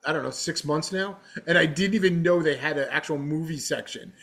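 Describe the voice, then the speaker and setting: Chatty, excitable man. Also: a little high, fairly quick, gravelly. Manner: chatty, excitable, talks while eating candy. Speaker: podcast co-host. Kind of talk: casual chat.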